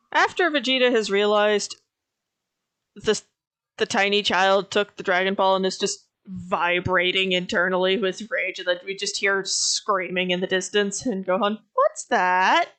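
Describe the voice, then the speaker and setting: A woman's voice: medium pitch, level tone, unhurried, a bit bright, clear, resonant tone, no echo. A woman streamer chatting casually and laughing often.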